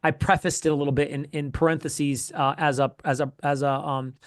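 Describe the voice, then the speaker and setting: A man coaching a role-play sales call, animated and profane, repeating short phrases in quick bursts. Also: a little high. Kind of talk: coaching feedback in casual chat.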